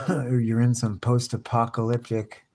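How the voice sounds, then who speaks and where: A man's voice: medium pitch, level tone, measured pace, darkish tone. A man hosting a live stream, rambling in casual chat full of profanity and slang, calling everyone "dude". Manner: profane slangy chatter, constantly saying "dude". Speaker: livestream host.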